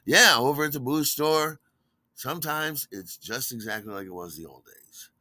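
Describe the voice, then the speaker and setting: A man telling a long, wandering story from his own life in an easy, chatty way. His voice is very bright and forward, recorded close and dry with no room sound. He breaks into quoted dialogue with sudden jumps in pitch. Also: lively intonation, normal speed, no echo. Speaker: podcast host. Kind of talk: casual storytelling monologue.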